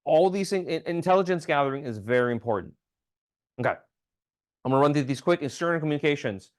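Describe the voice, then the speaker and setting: A man's voice: on the high side, expressive, quick pace. A man who is a state legislator giving a casual training talk at a town hall meeting, with frequent ums and restarts and checking in with "okay?".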